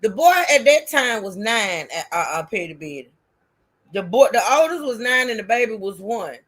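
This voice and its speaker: A woman co-hosting a livestream in a chatty, animated way, talking with callers and viewers. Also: on the high side, moderate pace. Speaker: livestream co-host. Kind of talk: casual commentary chat.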